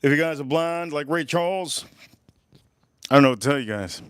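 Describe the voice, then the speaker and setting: A man's voice: a little high, animated, moderate pace, fairly bright tone, smooth, dry recording, clean studio sound. Rambling man on a cooking livestream. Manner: rambling, repeats lines, laughs at own stories. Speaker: livestream host. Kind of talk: casual live cooking and whiskey chat. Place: home kitchen or backyard, filming point of view.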